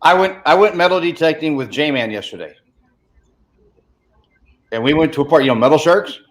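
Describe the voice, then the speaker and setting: A man's voice: a little high, normal speed. Man chatting casually on a livestream. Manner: relaxed anecdote-telling with chuckles. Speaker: guest on a chat stream. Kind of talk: casual chat.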